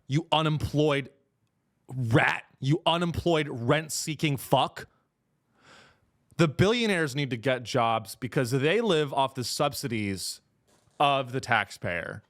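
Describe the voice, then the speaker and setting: On a comedy podcast, a medium-pitched male host rants with lots of energy. He keeps slipping into mocking impressions of other people.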